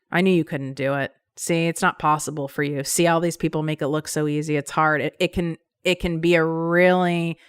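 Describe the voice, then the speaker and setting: A woman's voice: lowish voice, fairly bright tone, clear, resonant tone, dry recording. A woman hosting a solo business-coaching podcast, talking emphatically and bluntly in a casual way, with some swearing. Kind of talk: solo motivational podcast talk.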